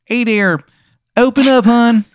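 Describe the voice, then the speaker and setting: Man doing a sleazy chummy stranger, fake Maryland twang, high and loud, calls you hun, smooth voice. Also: measured pace, dry recording, clean studio sound. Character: sleazy male detective-like stranger with bad Maryland accent.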